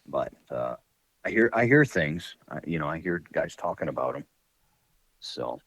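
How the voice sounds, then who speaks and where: Guy with a real low voice, folksy rambling storyteller, dry close sound. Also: sing-song, normal speed, fairly bright tone, slightly rough, dry recording, low-quality recording. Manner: rambling, folksy, many fillers. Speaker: podcast guest, dog breeder. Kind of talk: casual storytelling.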